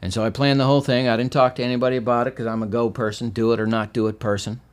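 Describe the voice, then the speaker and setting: Wry, deadpan male storyteller. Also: mid-range voice, very fast, clean tone. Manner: swings from loud, animated telling to quiet, heavy tones. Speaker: veteran sharing his life story. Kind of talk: personal spoken testimony.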